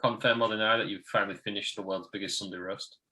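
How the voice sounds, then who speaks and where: Male host, bright tone, teasing and laughing. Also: lowish voice, steady tone, low-quality recording. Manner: laughs often, quick and teasing. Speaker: podcast host. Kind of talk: casual chat.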